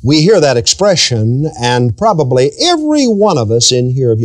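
A male pastor delivers a sermon in a mid-range voice with wide pitch swings. He draws out key phrases for emphasis and acts out everyday sayings.

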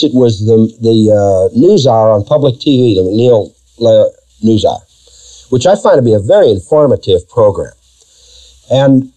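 A man's voice: mid-range voice, darkish tone, rough recording. A man preaching a sermon, emphatic and fond of rhetorical questions to his congregation. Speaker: pastor.

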